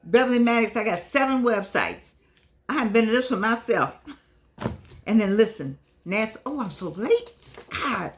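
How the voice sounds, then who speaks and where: An older woman with a voice a touch above the usual pitch talks casually to her viewers. She is lively and affectionate, drifting from one aside to the next in a loose, chatty vlog manner. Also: normal speed, slight background noise. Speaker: vlogger.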